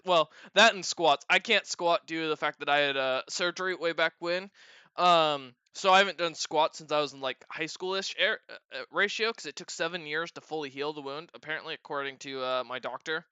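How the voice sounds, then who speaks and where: A man with a bright, tense voice and a smooth, crisp tone spins a rambling, profane story. He laughs often as he talks. The sound is dry and a bit dull, like a lo-fi desk mic. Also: a little high, fairly quick, dry recording. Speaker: streamer. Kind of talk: casual storytelling.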